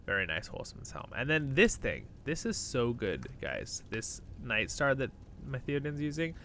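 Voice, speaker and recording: Just out of bed and sleepy, a man hosting a gaming channel chats about gameplay at his computer, trying out a new desktop microphone. He rambles in a relaxed way and chuckles often, speaking at a moderate pace in a medium-pitched voice, with a little hiss or hum in the recording.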